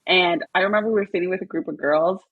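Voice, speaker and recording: Woman podcast host, husky and excitable, replays her own reactions in her stories; mid pitch, dry mic. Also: fast, no echo, narrow, tinny audio. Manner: excitable, acts out her own past words. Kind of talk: casual podcast conversation.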